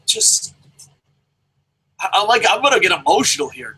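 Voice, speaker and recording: A man's voice: high voice, very animated, moderate pace, pauses often, sharp tone, husky, rough recording. A man hosting a wrestling preview chat, ranting with heavy swearing and passion. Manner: profane, impassioned ranting. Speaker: host.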